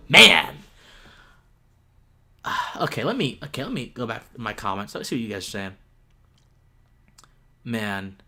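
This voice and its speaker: A man's voice: on the high side, wildly swooping pitch, unhurried, pauses often, pushed and bright. A man streaming live, reacting to a video with exasperated ranting and frequent laughter.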